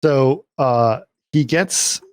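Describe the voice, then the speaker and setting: A man on a podcast walks through a film's plot in loose, rambling chat, often checking in with his co-hosts. His voice sits at an ordinary pitch. It is recorded close and dry, with no room sound. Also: extremely slow, no echo. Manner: rambling scene-by-scene retelling, frequent "right?". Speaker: podcast co-host recapping a film. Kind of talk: casual chat.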